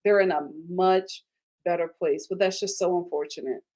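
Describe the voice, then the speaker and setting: A woman hosting a casual reality TV review. She talks in an animated, emphatic way and repeats her lines for effect. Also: fairly low pitch, normal speed. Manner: retells scenes in quoted voices. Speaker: host of a TV recap channel.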